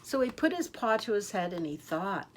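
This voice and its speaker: An older woman reading a children's picture book aloud in a lively, expressive way. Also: mid-range voice, moderate pace, a little hiss or hum. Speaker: storyteller. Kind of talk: children's story read-aloud.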